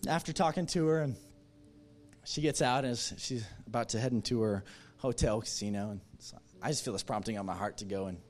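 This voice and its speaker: A man's voice: medium pitch, a little fast. A man with a Texan accent preaching a sermon in a church, telling a story with quoted dialogue and then leading an earnest altar call. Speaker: pastor. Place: church sanctuary.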